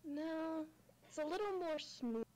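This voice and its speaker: A woman's voice: sits high, lively intonation, a little slow, darkish tone, low-quality recording. A woman in the room, offhand and distracted, commenting on the stream.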